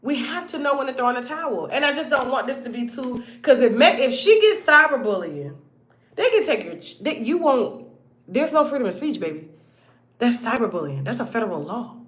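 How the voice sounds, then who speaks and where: A woman hosting her own show, giving blunt, profane commentary in a casual monologue that swings between loud outbursts and hushed asides. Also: a little high, very animated, a little fast. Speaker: show host.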